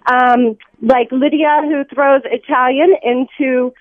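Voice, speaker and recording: Chatty woman caller, slightly high voice, dull phone line, dry. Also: takes it slowly, no echo. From Southern United States. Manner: chatty, excited, rambling. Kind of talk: phone-in chat. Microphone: telephone.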